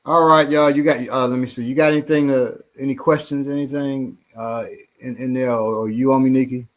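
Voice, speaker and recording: Steady in tone and a little fast, this mid-range male voice comes from a self-defense trainer co-hosting a relaxed podcast. His speech rambles with repeated words, sprinkled with occasional swearing and easy laughs.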